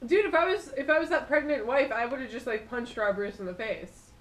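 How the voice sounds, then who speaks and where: A woman's voice: fairly high pitch, brisk, poor audio. A woman guesting on a podcast, chatting frankly and casually, swearing and trailing off with fillers. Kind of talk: casual chat.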